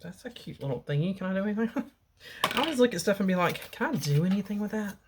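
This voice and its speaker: In her bedroom at home, a middle-aged beauty vlogger talks casually about gel polish she bought, holding each bottle up to the camera. Her voice is expressive and quick, she coos at her cat in a high baby voice, and the background is noisy.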